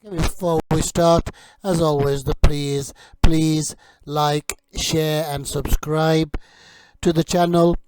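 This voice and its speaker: A man teaching English vocabulary in a slow repeat-after-me drill, speaking in a measured, deliberate way with hesitant pauses. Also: a little high, level tone, noisy background.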